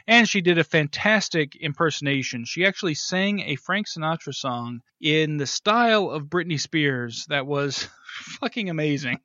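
A man's voice: a little high, lively intonation, normal speed, pushed and bright, no room sound, muffled recording. A man co-hosting a podcast, chatting casually and enthusiastically, swearing freely and repeating himself. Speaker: podcast co-host. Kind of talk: casual chat.

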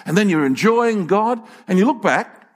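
An older man preaching a sermon to his congregation, animated and joking, with emphatic peaks. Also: high voice, normal speed. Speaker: pastor. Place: church hall with congregation.

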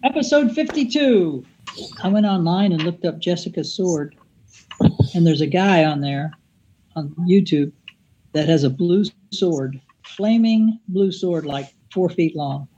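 A man's voice: high voice, animated, unhurried, warm tone, breathy edge, muffled recording. A dad on a family podcast, casually telling what he found online. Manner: casual, explanatory.

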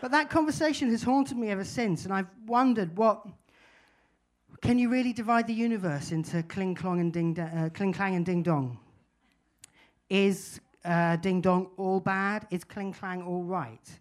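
A man's voice: high-pitched, normal speed. Wry man telling a story. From England. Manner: wry, anecdotal, musing. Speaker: speaker. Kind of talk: storytelling talk.

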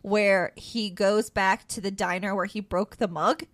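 A woman's voice: medium pitch, steady tone, a little slow. Thoughtful woman analyzing a film. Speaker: podcast co-host. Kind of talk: casual movie discussion.

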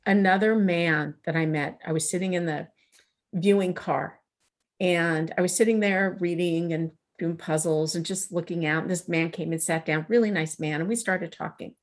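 A middle-aged woman telling a personal story in a conversational interview, lively and acting out the dialogue she quotes. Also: fairly low pitch, normal speed. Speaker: guest.

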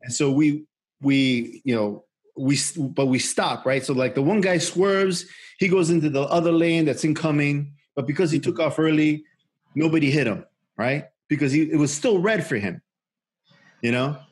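A man spins a long story for his podcast, in a husky, slightly high voice. He rambles, swears freely, and stumbles through restarts and fillers like "you know" and "right?". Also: normal speed, a little mellow. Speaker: podcast co-host. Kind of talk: casual storytelling.

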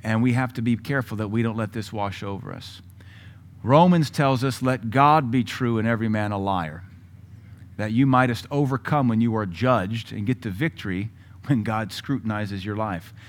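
A man preaching a sermon with a blunt, combative delivery, breaking into loud bursts and mocking asides. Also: fairly low pitch, normal speed. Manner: mocking mimicry of other voices. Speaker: pastor.

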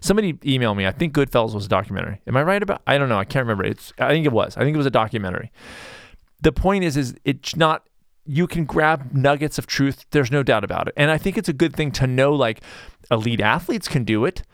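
Male podcast host, casual rambling monologue, mid pitch, dry close mic. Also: expressive, fast, no echo. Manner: rambling, with many restarts and asides.

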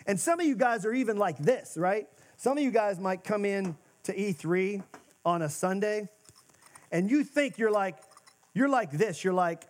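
A male pastor giving a sermon in a church, talking conversationally and moving between emphatic and hushed moments. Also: high-pitched, lively intonation, normal speed. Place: church sanctuary.

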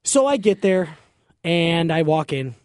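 A man's voice: on the high side, sing-song, measured pace, darkish tone, clean tone, dry recording, clean studio sound. A man chatting casually, telling a long story with jokes and cleaned-up slang. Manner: chatty, joking, self-censoring slang.

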